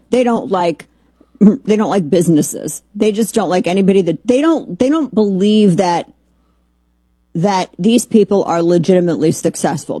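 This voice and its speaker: Sarcastic lady radio host riffing on the news, warm mellow voice, dry close mic. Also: on the low side, husky, no room sound. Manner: sarcastic, animated, rambling asides. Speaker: radio talk show host. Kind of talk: opinionated political talk radio. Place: radio studio in Texas. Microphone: studio microphone.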